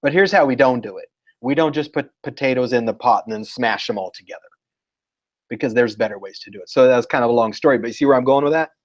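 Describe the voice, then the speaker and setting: A man talking as a guest educator in a casual interview, telling lively stories and acting out what people said. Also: mid-range voice, fast talker, dull audio. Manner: animated storyteller, acts out quotes.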